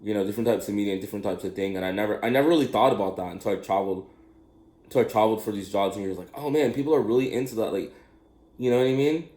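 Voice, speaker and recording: A middle-aged man telling a rambling personal story in casual chat, animated and laughing often. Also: very fast, echoey room. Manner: animated, laughs often, mimics high questioning voices.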